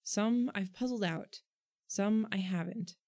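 A woman voicing a gentle, earnest boy who speaks firmly and thoughtfully in a storybook reading. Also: mid-range voice, takes it slowly, pitched above the performer's own voice, natural voice. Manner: gentle but firm, earnest.

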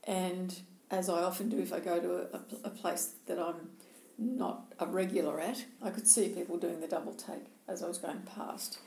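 A woman's voice: fairly low pitch, steady tone, normal speed, gravelly, a little mellow. A woman co-hosting a casual chat, telling a personal story candidly and with self-deprecation. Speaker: co-host. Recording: roomy echo.

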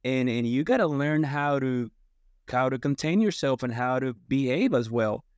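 A man's voice: medium pitch, normal speed, a little mellow, clean tone, no echo. A man adding his thoughts to a Bible discussion in a rambling, restarting way. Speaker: discussion participant.

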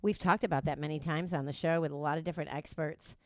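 Chatty woman radio host, lower voice. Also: fairly even intonation, quick pace, dry recording, studio quality. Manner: chatty, laughs easily. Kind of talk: casual radio chat.

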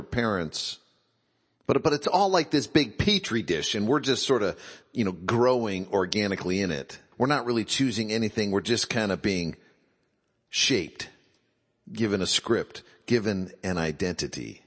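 A man's voice: on the low side, husky, in a large hall. A man giving a reflective talk, musing aloud and posing rhetorical questions.

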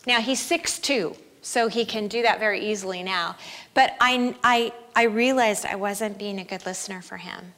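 A woman's voice: mid-range voice, moderate pace, a bit bright. A middle-aged woman giving an inspirational talk to mothers at a family camp, candid and self-deprecating, laughing easily at herself.

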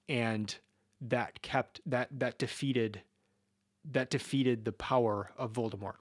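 A man's voice: medium pitch, dry recording, clean studio sound. A man giving a casual, reflective talk, stumbling through many repeated starts as he thinks aloud. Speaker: speaker discussing a book series.

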